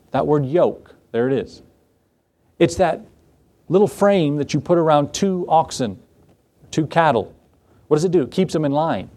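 A man's voice: on the high side, dark tone. A male pastor preaching a sermon in a conversational way, with rhetorical questions and repeated phrases.

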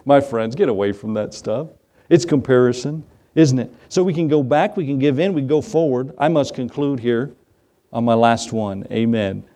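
At a moderate pace and in a mid-range voice, a man preaches as a pastor, emphatic throughout. He hammers key phrases, asks rhetorical questions, and swings between raised sections and quiet asides.

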